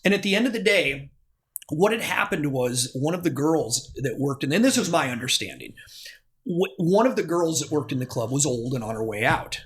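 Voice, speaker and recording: A man's voice: a little high, expressive, normal speed. A man, a podcast guest telling a long story in casual conversation, often restarting and acting out what people said. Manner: rambling, restarts, acts out quoted dialogue. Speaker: podcast guest, former club DJ.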